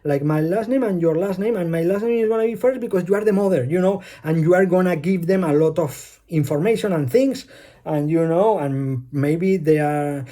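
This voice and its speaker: A man with a Spanish accent talks into his phone in a loose, rambling vlog monologue. His English comes with many pauses and fillers, and he drifts between thoughts. His voice is mellow and a little high for a man. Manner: hesitant, many fillers, loses his thread. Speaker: vlogger.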